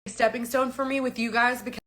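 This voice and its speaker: A woman's voice: on the high side, flat delivery, a little fast, a bit bright. A woman talking candidly on a live stream, frank and emotional, holding back tears. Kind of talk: casual live-stream talk. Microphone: phone or webcam on a live stream.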